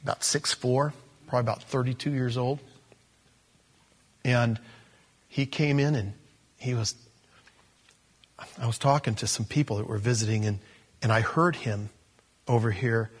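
A man's voice: mid-range voice, breathy edge. A man teaching scripture as a pastor, chatty and storytelling, with restarts and sarcastic asides. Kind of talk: conversational Bible teaching.

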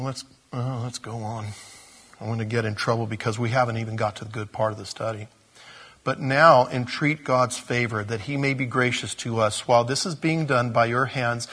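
Middle-aged male pastor, husky, conversational humorous sermon. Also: mid-range voice, fairly bright tone. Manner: conversational and humorous, with acted quotes and laughs.

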